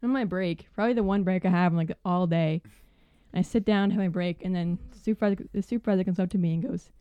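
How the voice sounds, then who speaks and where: A young woman telling a work story casually on a podcast, animated and full of "like" fillers. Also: lowish voice, fast, clear, resonant tone, dry recording, muffled recording.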